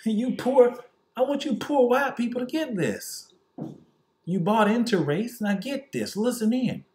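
A scheming Southern power broker lectures his listeners in a high, sneering voice, as a man puts him on. He is condescending and scornful throughout, with a Southern drawl. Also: lively intonation, unhurried, a little mellow.

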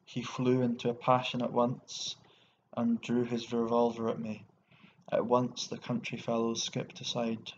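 A man with an Irish accent narrating a short story in a steady, even way. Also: medium pitch, a little slow. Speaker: audiobook narrator. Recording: dull lo-fi recording with faint hiss.

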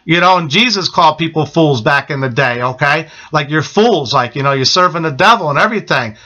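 A man's voice: fairly high pitch, expressive, brisk, sharp tone, poor audio. A middle-aged man telling an emphatic personal testimony, often repeating "okay?" and addressing listeners as his friends. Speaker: testimony speaker.

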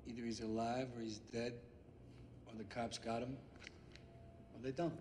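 An actor playing a weary male robber who speaks in a flat, matter-of-fact way. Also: medium pitch, normal speed, lightly acted. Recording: reverberant film scene with faint background noise.

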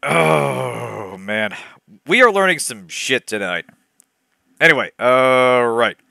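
A man's voice: medium pitch, big pitch swings, slow, creaky, bright, forceful tone, dry recording. A young adult man reading a bad novel aloud for a stream, breaking off into exasperated, laughing commentary. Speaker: let's play host reading a bad novel. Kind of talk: comedic reading aloud with asides to chat.

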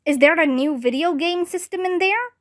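A woman voicing a loud young schoolboy who protests that he hates reading. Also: high-pitched, big pitch swings, measured pace. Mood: protesting.

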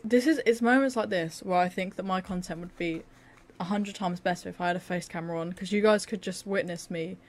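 Tired, sarcastic young woman gaming. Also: fairly low pitch. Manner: sarcastic, joking, self-mocking. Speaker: gaming video creator. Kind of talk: casual gameplay commentary.

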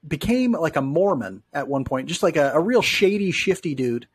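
A man's voice: a little high, very animated, moderate pace, breathy edge. A man co-hosting a sports podcast, chatting in a friendly, self-deprecating way. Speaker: podcast co-host. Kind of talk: casual sports chat.

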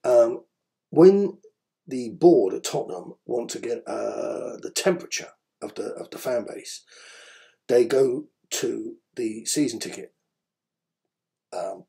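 A gravelly-voiced man talks through his daily podcast at a middling pitch. He rambles, hesitates over frequent ums, and keeps a dry, wry tone. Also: expressive, takes it slowly, pauses often, mellow. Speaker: podcast host. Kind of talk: casual spoken commentary.

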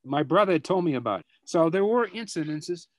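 An older man from Boston with a Boston accent, a guest speaker answering students' questions over a video call, reflective and halting, often repeating words as he searches for them. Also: on the high side, animated, no room sound.

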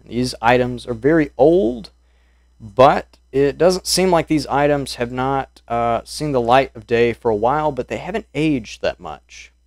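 A male game master narrating a tabletop horror game in a mid-pitched voice, loosely describing scenes and pausing often for ums and uhs. The recording is dry and close. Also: darkish tone, no echo.

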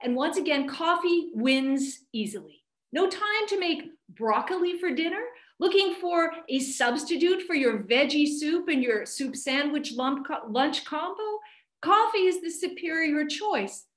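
A woman's voice: sits high, animated, a little slow, roomy sound. A woman faculty member giving a comedic debate speech over a video call, with playful, theatrical emphasis.

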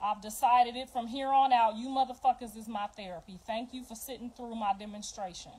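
A high-pitched middle-aged woman hosting a livestream, her talk raw and heavy with profanity. She rants confrontationally at her viewers and at absent family members. Her voice jumps from loud outbursts to low, bitter mutters. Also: fairly even intonation, fairly quick, rough recording. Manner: profane, confrontational, swings between loud and hushed. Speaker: livestream host. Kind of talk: emotional livestream rant.

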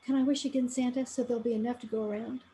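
A woman's voice: a little high, level tone, racing, dark tone, slight background noise, voice pushed up, natural voice. A woman doing eager little Dorothy. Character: eager young girl Dorothy, sweet and earnest.

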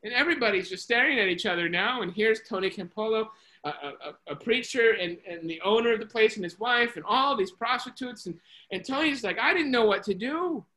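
Bright, chatty storyteller on a video call. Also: medium pitch, fairly quick, rough recording. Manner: lively, chatty retelling with many restarts and voices. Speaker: Bible study leader. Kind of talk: storytelling in a Bible study.

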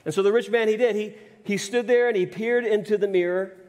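A man's voice: high-pitched, fairly even intonation, fairly quick, a little mellow, in a large hall. A man preaching a sermon as pastor, telling a story with frequent repeats and restarts, in a church sanctuary.

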